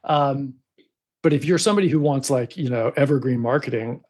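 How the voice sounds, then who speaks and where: A man's voice: mid-range voice, fairly quick, darkish tone. A man appearing as a podcast guest who talks about book promotions in a loose, chatty way full of fillers and asides. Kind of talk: casual podcast conversation.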